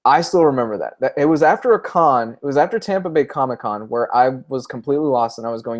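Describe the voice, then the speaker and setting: A man's voice: medium pitch, animated, quick pace, few pauses. A young man chatting casually on a livestream about comics, speaking openly and emotionally. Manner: candid, emotional, tearing up at times. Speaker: comic book vlogger.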